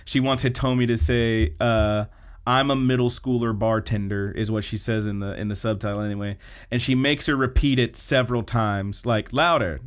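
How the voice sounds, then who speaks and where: A young man retells anime scenes on a casual podcast in an animated way, jumping in and out of characters' lines. His voice is smooth and clear at a middle pitch. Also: moderate pace. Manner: animated storytelling, acts out scenes. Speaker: podcast host.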